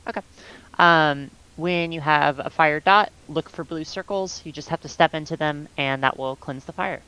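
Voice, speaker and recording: Low, smooth-voiced woman leading a raid. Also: normal speed, low-quality recording. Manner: calm, instructive, with many ums. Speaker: raid leader. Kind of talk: explaining game tactics on voice chat.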